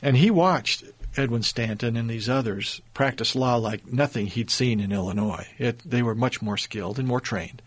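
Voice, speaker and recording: A man of middle pitch tells a historical story in an easygoing conversational way. He leans into key moments with rising emphasis and often restarts his sentences. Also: normal speed, hardly any pauses, slightly rough. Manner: earnest, builds emphasis, frequent restarts.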